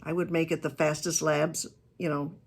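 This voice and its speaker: A woman giving a keynote talk on customer service, telling stories in a chatty, emphatic way with quick asides. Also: sits low, level tone, vocal fry, slightly rough. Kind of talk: lively talk to a business audience.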